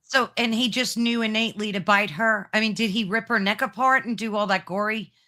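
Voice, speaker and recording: A woman's voice: medium pitch, brisk, pushed and bright. A woman hosting an interview, asking curious questions with enthusiasm. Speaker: podcast host. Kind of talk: interview conversation.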